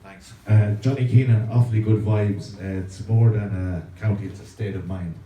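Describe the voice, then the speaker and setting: A man's voice: fairly low pitch, steady tone, moderate pace, highs cut off, a little hiss or hum. Irish man speaking at a campaign meeting. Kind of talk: public meeting speech. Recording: echoey hall from far off.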